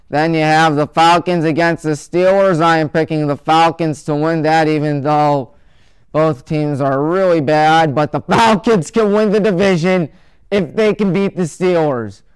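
A man's voice: a little high, clean tone. A male sports talk show host rattling off his weekly game picks in a joking, opinionated way, with mocking nicknames for teams.

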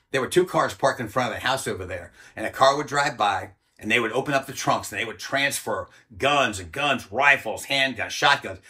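A man's voice: medium pitch, pushed and bright. An older American man, a former soldier, telling a story in a blunt, profane, casual way and acting out the voices he quotes. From United States. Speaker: interview guest, former Army Ranger.

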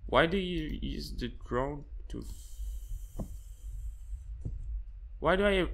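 Young male gaming host, bright voice with lively swings, excitable horror let's play commentary. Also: on the high side, drawn-out words, gravelly, long pauses. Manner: jumpy and excitable, yelps and swears when startled; reads in-game notes aloud.

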